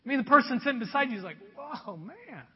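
A man preaching a sermon in a conversational, animated way, acting out voices as he goes. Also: very high-pitched, racing, slightly rough. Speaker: pastor. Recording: dull sound with long hall reverb.

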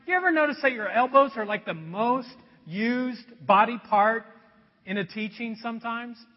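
A high-voiced man preaching with a lively, swooping delivery. His voice is a little husky, and it rings with a long reverb as if he is in a big hall. The sound is slightly dull and lo-fi. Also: normal speed. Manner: animated, conversational preaching with acted-out voices. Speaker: pastor. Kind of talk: sermon.

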